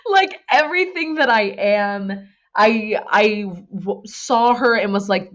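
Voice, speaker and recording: A woman in her thirties, a voice actor guest on a casual podcast, talking in an emotional, gushing and animated way. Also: medium pitch, slow, few pauses, muffled recording, a little hiss or hum. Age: 30s.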